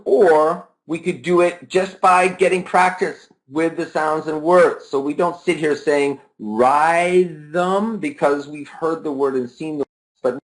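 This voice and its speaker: A man's voice: a little high, rough recording. A man presenting a live teaching webinar over a video call, who keeps asking the audience questions and then answers them himself, and who stretches words out to show stress and intonation.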